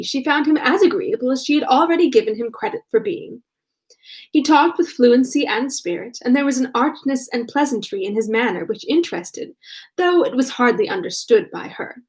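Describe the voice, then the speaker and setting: A woman's voice: high-pitched, lively intonation, brisk, darkish tone. Young woman reading a classic novel aloud. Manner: amateur reading, breaks off to laugh and comment on her own accents. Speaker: audiobook reader.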